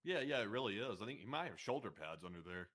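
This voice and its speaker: A man with a fairly low voice banters as co-host on a casual stream. He builds his jokes hesitantly, with plenty of ums and uhs along the way. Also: sing-song, fast talker, fairly bright tone. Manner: hesitant, filler-heavy joking.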